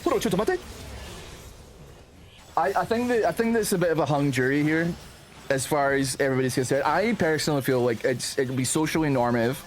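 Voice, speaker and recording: A man's voice: fairly high pitch, quick pace, slight background noise. Rambling, profane male streamer. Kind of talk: casual reaction commentary.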